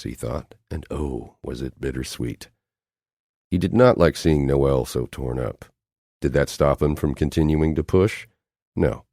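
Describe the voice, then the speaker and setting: A man reading an audiobook as narrator, measured and dramatic, letting his phrases fall off at the ends. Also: extremely low pitch, dark tone, dry recording, studio quality. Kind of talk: scripted narration.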